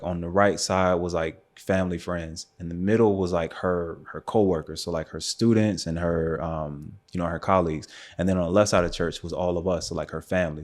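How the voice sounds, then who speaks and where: A young adult man from the United States, a photographer guest on a podcast, telling a personal story in a relaxed casual way with lots of fillers like "um" and "like". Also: low-pitched.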